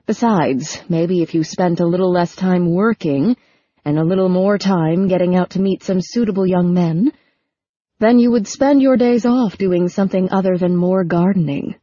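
A woman's voice: on the low side, moderate pace, breathy edge, dry recording, dull audio. Woman reading a fussy nagging mother. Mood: fussing. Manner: fussy, gently scolding. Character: fussy middle-aged mother, well-meaning but nagging.

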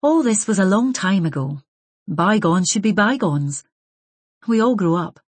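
A woman reading as a gentle, firm comforter. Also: mid-range voice, expressive, unhurried, breathy edge, dry recording. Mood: sympathetic. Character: earnest grown woman comforting an old classmate. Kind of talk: audiobook character voice.

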